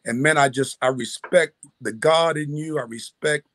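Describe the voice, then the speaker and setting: A man's voice: fairly high pitch, normal speed, fairly bright tone, dry recording. A man giving a heartfelt birthday tribute to a friend, telling an earnest story full of restarts. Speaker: family friend and minister.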